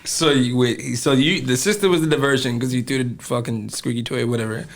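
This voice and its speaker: A man co-hosting a podcast, reacting with laughter and crude, animated chat. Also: mid-range voice, fairly quick. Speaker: podcast co-host. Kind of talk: casual chat.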